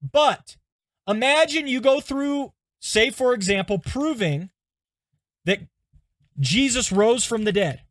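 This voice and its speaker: A man, a pastor, teaching a lesson through stories in an animated, conversational way, often checking in with "okay?". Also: very high-pitched, slow, long pauses, dry recording.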